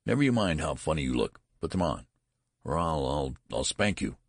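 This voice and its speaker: Here is a flustered new father who stammers nervously and snaps back curtly. His voice is very deep, gravelly, and husky, a man acting him out in an audiobook. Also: very animated, normal speed, dry recording, studio quality, full character voice.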